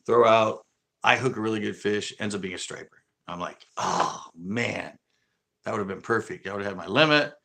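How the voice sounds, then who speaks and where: Low-voiced man telling a fishing story. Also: normal speed, vocal fry, sharp tone. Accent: Californian. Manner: rambling, acts out quoted dialogue. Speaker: bass fishing angler. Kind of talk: casual storytelling livestream.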